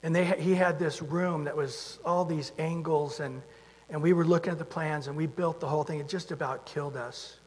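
A man's voice: a little high, fairly even intonation, moderate pace. A man preaching a sermon in a conversational way, asking his listeners rhetorical questions. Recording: long hall reverb.

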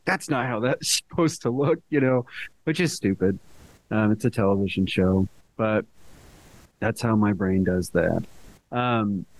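Rambling young man podcast co-host. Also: fairly low pitch. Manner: rambling, hedging, with many fillers. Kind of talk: casual chat.

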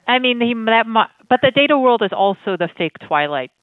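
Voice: mid-range voice, a little fast, no room sound. A co-host in a casual gaming chat who gushes and keeps exclaiming in disbelief. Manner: dramatic exclamations, animated and gushing. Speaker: podcast co-host. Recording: tinny, phone-like dry line.

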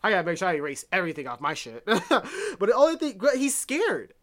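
A man co-hosting a casual podcast chat, loud, excitable and profane. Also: high-pitched, fairly quick. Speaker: podcast co-host.

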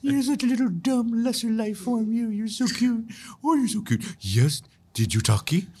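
A man putting on cooing baby talk, as if talking to a puppy, in a high sing-song voice. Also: very animated, normal speed, a little mellow, husky, heavily acted. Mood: cooing mockery.

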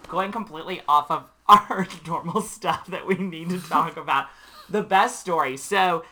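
A man's voice: fairly high pitch, normal speed. A man co-hosting a podcast, chatting casually and telling self-mocking stories. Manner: animated, self-mocking storytelling. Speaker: podcast co-host. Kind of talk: casual chat.

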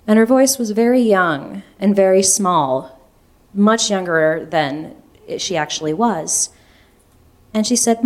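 A woman's voice: medium pitch, moderate pace. Young woman telling a wry personal story. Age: young adult. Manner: wry, self-mocking, laughs through lines.

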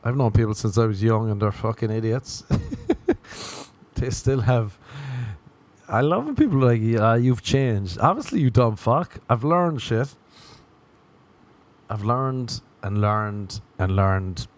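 A man's voice: medium pitch, big pitch swings, slow, long pauses. A young man delivering a rambling, profane comic monologue, sarcastic and laughing at his own jokes.

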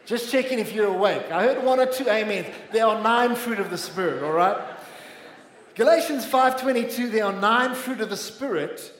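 High-voiced South African pastor preaching. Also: male voice, moderate pace, a bit bright. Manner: earnest preaching, calls out to the congregation. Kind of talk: sermon. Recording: echoey church hall.

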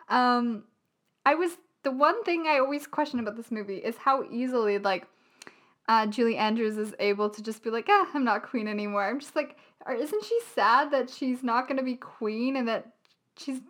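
Young woman rambling about a movie, giggles a lot, high-ish voice. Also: moderate pace, a bit bright. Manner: giggly, rambling, lots of fillers. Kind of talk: casual chat.

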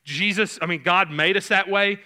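On a church sanctuary stage, a male youth pastor with a Southern US accent preaches in a loose, chatty way full of fillers. His high-sitting voice is bright and forceful, and his pace is normal.

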